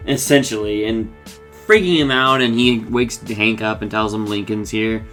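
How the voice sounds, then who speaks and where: A man's voice: fairly low pitch, normal speed, a bit bright, soft background music. A man casually recapping a cartoon episode, rambling and acting out the characters' lines, laughing often.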